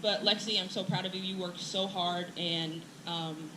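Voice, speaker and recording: A woman's voice: fairly low pitch, steady tone, normal speed. Female teacher, graduation speech, giggly and teary, noisy echoey outdoor sound. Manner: emotional, laughing often, playful teasing. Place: outdoor ceremony with crowd.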